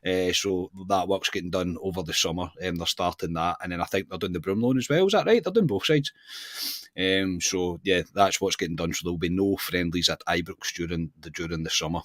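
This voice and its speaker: A Scottish man hosting a football podcast, chatty and quick to laugh as he steers the questions. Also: low voice, dry recording, studio quality. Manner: laughs easily, leads the questions. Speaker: podcast host. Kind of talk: casual football chat.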